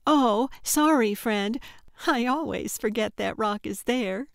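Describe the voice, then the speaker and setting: A woman narrator voicing a giggly, unhinged female kidnapper who talks in a high, bubbly, overly friendly sing-song. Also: slow, gravelly, dry recording, clean studio sound. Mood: sugary, chirpy. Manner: chirpy and overly friendly, tittering. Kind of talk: audiobook character voice.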